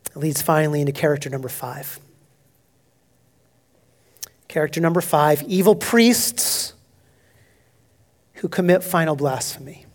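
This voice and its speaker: High-voiced man preaching with dramatic swings. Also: fairly even intonation, normal speed, long pauses. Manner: emphatic, dramatic shifts between loud declarations and hushed asides. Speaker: pastor. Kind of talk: expository sermon.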